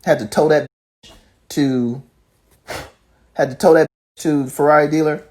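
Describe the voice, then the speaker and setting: A rapper ranting casually, profane and fired up, firing off rhetorical questions. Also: male voice, on the high side, fairly even intonation, moderate pace. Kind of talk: casual rant.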